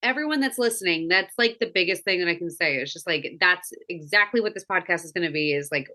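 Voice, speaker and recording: Mom podcast host, 30s, kinda low voice, earnest and thoughtful, restarts a lot. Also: female voice, fast talker, sharp tone. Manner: earnest, reflective, trailing restarts. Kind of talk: casual chat.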